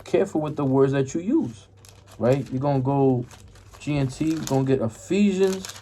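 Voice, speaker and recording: A man teaches scripture informally, reading and unpacking verses casually and repetitively, with frequent "right?" and "man" check-ins and stumbles while locating verses. His medium-pitched voice has a dark tone and a moderate pace, with slight background noise.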